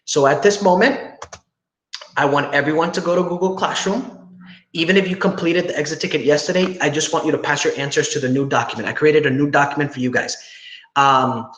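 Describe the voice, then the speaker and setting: A man's voice: on the high side, steady tone, a little fast, fairly bright tone. A young man teaching a class over a video call, explaining step by step and often asking "right?" to check that students follow. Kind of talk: online class instruction. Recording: echoey room with faint noise.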